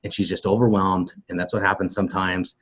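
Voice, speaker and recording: A man co-hosting a relationship coaching podcast, telling lively stories and acting out other people's lines. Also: low voice, a little fast, dull audio. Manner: animated storyteller acting out quotes. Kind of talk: live coaching conversation.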